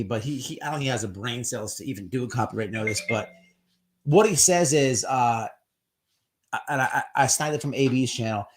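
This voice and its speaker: A man hosting a live stream and rambling through casual, profane commentary. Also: mid-range voice. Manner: profane, rambling, quick to act out quotes.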